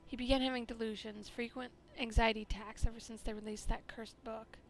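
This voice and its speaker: A woman's voice: a little high, little pitch movement, brisk, slight background noise, lightly acted. Woman reading as a prim grieving widow. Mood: mournful. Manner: formal, prim. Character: proper grieving widow, stern and unsuperstitious.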